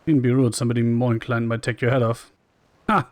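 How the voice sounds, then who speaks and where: A man's voice: medium pitch, fast talker, dry recording, studio quality. A man casually commenting on a role-playing game, reading the dialogue aloud in a wry, chatty way. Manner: wry and chatty, reads lines flatly and jokes.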